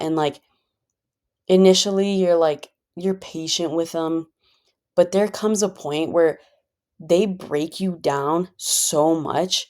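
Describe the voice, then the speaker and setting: Woman vlogger, low voice, easygoing chat with lots of filler words. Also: warm tone. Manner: rambling, filler-heavy, conversational; calls herself a pretty chill person. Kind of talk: casual personal monologue.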